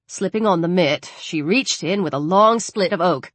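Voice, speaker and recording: A woman reading a horror story aloud in a measured, dramatic narrating style. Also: on the low side, a bit bright, no room sound. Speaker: audiobook narrator.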